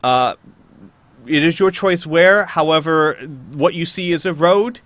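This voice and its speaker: A man's voice: fairly high pitch, measured pace, fairly bright tone, no room sound. A man narrating as game master of a tabletop game, talking casually with frequent hesitations. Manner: casual, hesitant with many fillers.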